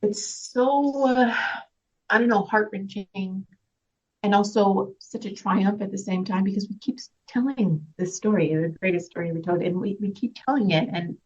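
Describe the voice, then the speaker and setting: A woman's voice: medium pitch, moderate pace, darkish tone, dull audio. A woman actress talking earnestly and emotionally about her work, laughing through tears at times. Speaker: actress guest. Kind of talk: emotional interview talk.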